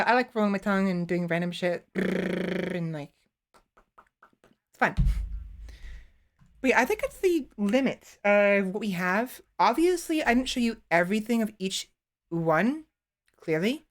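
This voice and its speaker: Rambling young woman streamer, slow chat. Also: mid-range voice, expressive. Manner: rambling, playful, many fillers and restarts. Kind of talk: casual chat.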